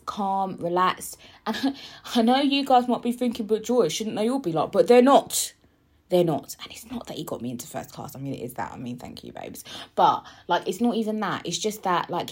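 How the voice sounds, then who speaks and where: A woman talks straight to her viewers, rambling through a story with lots of asides and fillers. Her voice is a little husky and sits on the low side. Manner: chatty, rambling, full of asides and filler words. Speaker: vlogger.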